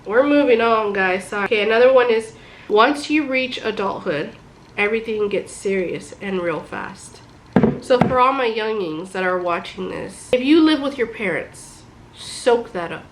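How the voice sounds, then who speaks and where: A woman's voice: fairly high pitch, moderate pace, background noise. Chatty young woman giving life advice. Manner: chatty and animated, addresses viewers as guys. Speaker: vlogger. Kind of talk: casual advice talk to camera.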